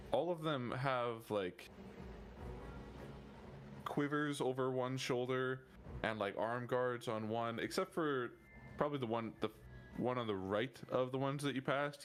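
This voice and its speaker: A man acting as game master, describing scenes casually with halting fillers and frequent swearing. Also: mid-range voice, a bit bright. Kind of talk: running a tabletop game.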